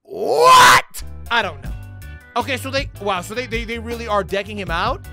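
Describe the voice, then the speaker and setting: A man's voice: high voice, fairly quick, sharp tone, faint music behind. A man hosting a reaction video, giving incredulous, profane commentary and repeating his questions.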